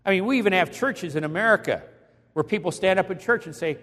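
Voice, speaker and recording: A man's voice: high voice, animated, quick pace, fairly bright tone, in a large hall. A man preaching a sermon, telling a story dramatically and acting out the quotes with emphasis. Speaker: evangelist preacher.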